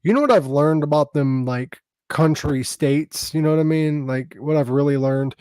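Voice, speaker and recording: Podcast host guy, crude jokes, laughs a lot, slightly high voice, super dry sound. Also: darkish tone, clean tone, no room sound. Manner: crude, joking, quick to laugh. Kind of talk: casual podcast chat.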